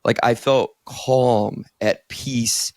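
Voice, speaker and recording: In a medium-pitched, darkish voice with a steady tone and drawn-out words, a Northeast Ohio therapist in his thirties shares a candid, emotional personal story on his co-hosted podcast, saying "like" a lot. It's clean studio sound with no echo.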